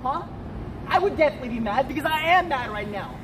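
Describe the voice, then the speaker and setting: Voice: sits high, lively intonation, quick pace, recorded from a distance, noisy background. A person heckling a streamer outdoors, ranting in a heated, sarcastic, swearing way. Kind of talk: mock-angry trolling rant. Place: outdoors on a city street.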